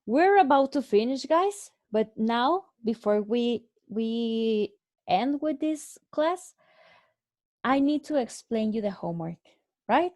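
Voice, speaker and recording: A woman teaching an English lesson, explaining answers slowly and clearly with repeated examples. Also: a little high, animated, a little mellow, no room sound. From Mexico. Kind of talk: recorded online English lesson.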